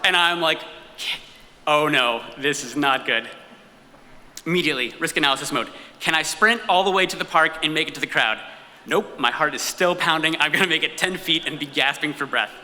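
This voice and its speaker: A man performing a live personal story on stage, telling it in an animated, comic way with acted-out asides. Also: a little high, quick pace, in a large hall. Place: stage in an event hall.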